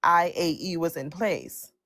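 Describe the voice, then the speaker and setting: A woman calling in to a political debate show, arguing in a measured, hedging way. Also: on the low side, a bit bright, no echo, studio quality. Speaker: caller.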